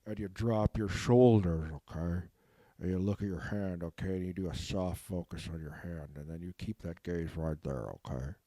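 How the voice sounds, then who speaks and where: A man's voice: moderate pace, no room sound, studio quality. A man playing a rambling orc coach. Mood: soothing. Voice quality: meandering, easily sidetracked. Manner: soothing coach voice dropping low and soft. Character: rambling male orc giving a pep talk. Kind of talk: improvised comic monologue.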